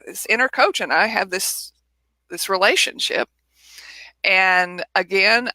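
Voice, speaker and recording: Woman, animated storyteller, bright clear tone, dry close sound, video call. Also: mid-range voice, no room sound. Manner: animated storyteller who acts out quoted people. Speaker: author and guest. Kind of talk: casual interview storytelling.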